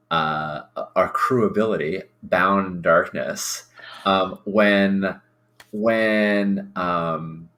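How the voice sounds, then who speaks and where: A woman playing a tabletop game, explaining her move slowly with many fillers and pauses. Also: extremely low pitch, fairly bright tone. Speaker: player.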